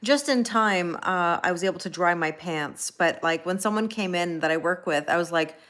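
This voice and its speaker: Speaking at a normal speed in a fairly bright, lowish voice, a woman hosts a laid-back live stream. Her story rambles, she laughs at herself, and she greets chat viewers by name as she goes. She is a tarot reader and livestream host as well as a schoolteacher.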